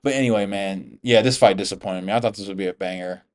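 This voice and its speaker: An American MMA YouTuber gives casual fight reaction commentary, full of slang and profanity, calling everyone "bro." He has a low voice and talks at a quick pace.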